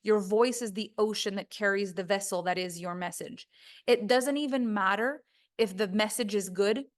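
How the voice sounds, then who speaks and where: A woman's voice: medium pitch, moderate pace. A woman voice coach giving a recorded course lesson, talking emphatically and acting out quoted voices.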